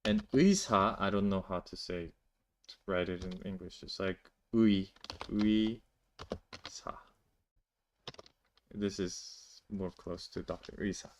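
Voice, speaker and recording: Speaking at normal speed in a low voice, a man runs a casual language lesson on a live stream, fielding viewer questions with loose, chatty explanations packed with restarts and "like." There's slight background noise.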